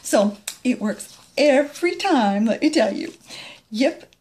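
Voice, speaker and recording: A middle-aged woman talks through a product demo in a chatty, friendly way. Her voice sits a little high and swings widely in pitch, and she often slips into soft, near-whispered asides. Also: lively intonation, slow. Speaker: nail product consultant.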